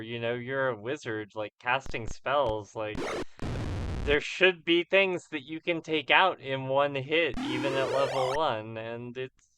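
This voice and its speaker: A man hosts a let's play, chatting casually while he plays. His voice is bright and crisp, recorded dry and close, and he rambles and restarts his sentences. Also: mid-range voice, no room sound. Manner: chatty, rambling, self-correcting. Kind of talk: casual game commentary.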